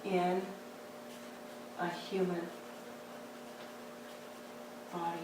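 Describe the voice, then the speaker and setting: A woman's voice: lowish voice, little pitch movement, extremely slow, noisy background. Woman telling a personal story in a hall. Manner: candid, conversational. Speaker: speaker. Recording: echoey hall, distant mic.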